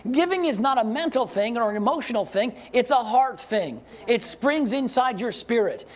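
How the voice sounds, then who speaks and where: A man pastor preaching a sermon to a congregation, asking rhetorical questions, leading call-and-response, and slowing down to read scripture with emphasis. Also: very high-pitched, animated. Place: church service with congregation.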